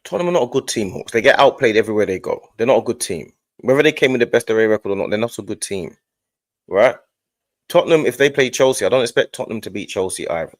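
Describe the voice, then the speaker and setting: A man's voice: on the low side, lively intonation, fast, no echo. A young man arguing heatedly about football, repeating his point and cutting in. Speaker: football podcast host.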